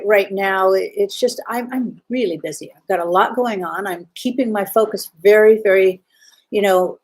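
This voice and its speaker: A middle-aged woman speaks softly and reflectively, at an ordinary pitch for a woman. She tells a personal story at an unhurried pace and often pauses on small fillers. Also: low-quality recording. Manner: gentle, reflective, many fillers. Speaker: podcast host.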